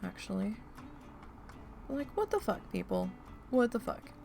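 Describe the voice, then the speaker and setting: A woman streamer telling a story in a casual, animated, exasperated way, with lots of swearing, while she plays a park-building game. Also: on the high side, a little slow, creaky, faint music behind.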